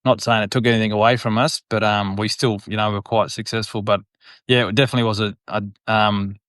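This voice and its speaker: Rambling Australian man, smooth low voice. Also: level tone, fast, fairly bright tone, no room sound, studio quality. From Northern Territory, Australia. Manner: rambling, leans on fillers like "you know" and "whatnot"; chuckles while telling stories. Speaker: former footballer, podcast guest. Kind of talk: casual reflective chat.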